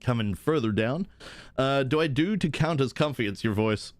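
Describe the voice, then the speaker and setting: A man streaming from home, chatting excitedly with viewers in a rambling way, often jumping up into high-pitched bursts. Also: normal speed, no echo. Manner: rambling with restarts. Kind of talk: live-stream chat while gaming.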